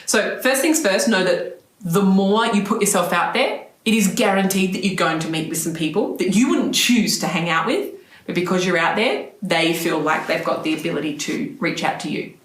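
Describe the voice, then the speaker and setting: A woman with a lowish voice gives encouraging advice to other business owners. She repeats her key phrases and keeps checking in with her listeners. The room around her rings with a noticeable echo. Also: moderate pace. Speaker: business coach. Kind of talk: direct-to-camera advice talk.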